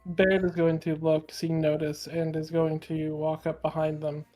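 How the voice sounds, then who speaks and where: Guy playing a tabletop game, kinda high flat voice, hesitant, describes what his character does. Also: a little slow, soft background music. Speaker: player.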